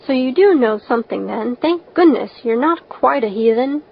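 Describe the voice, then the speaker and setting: Stern stiff spinster, admonishing, read by a woman, fairly high voice, dull lo-fi sound. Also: lively intonation, normal speed, gravelly, husky, heavily acted. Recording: dull lo-fi recording.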